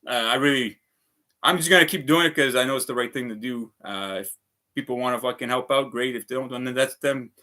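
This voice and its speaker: Bright-voiced man ranting, profane. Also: mid-range voice, brisk. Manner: heated, profane, repetitive ranting. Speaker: vlogger. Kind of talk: casual livestream rant.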